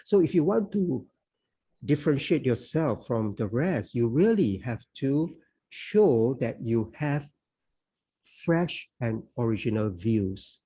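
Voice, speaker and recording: A man's voice: medium pitch, animated, takes it slowly, mellow, breathy edge. A man tutoring students for an oral exam over a video call, explaining things at length and often adding "you know". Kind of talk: online lecture to students.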